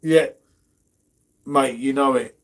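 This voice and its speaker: A man's voice: mid-range voice, steady tone, takes it slowly. A middle-aged man, hosting a casual beer livestream and chatting in a matey, banter-filled way. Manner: chatty, matey banter, drops "mate" often. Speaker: beer channel host.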